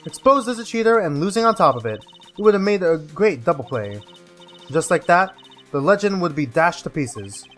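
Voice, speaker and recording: A man doing a smug card-sharp woman. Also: fairly high pitch, big pitch swings, normal speed, faint music behind. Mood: scheming. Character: scheming female card-sharp dealer, smug.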